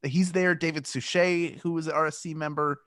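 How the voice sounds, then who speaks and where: Rambling and joking through a casual podcast chat, this co-host keeps breaking off mid-sentence. His voice is a little high and fairly bright, with fairly even intonation at a normal pace, recorded in studio quality with no room sound.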